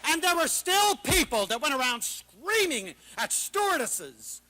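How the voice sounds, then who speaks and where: Animated man telling stories to an audience. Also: very high voice, a little slow, few pauses, noisy background. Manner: animated storyteller, swings from loud exclamations to hushed asides. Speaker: lecturer. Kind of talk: passionate public talk.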